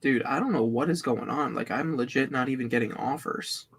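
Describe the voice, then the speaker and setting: A man's voice: mid-range voice, fairly quick, fairly bright tone, husky. A man co-hosting a live reselling stream, talking in a laid-back way while checking his listings. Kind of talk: casual livestream chat.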